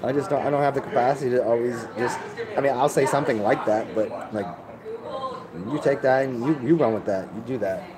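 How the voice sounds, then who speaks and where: A man's voice: mid-range voice, fairly quick, a crowd in the background, rough recording. A man rambling casually to his live-stream viewers, laid-back and profane, often restarting his sentences. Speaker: livestreamer answering chat.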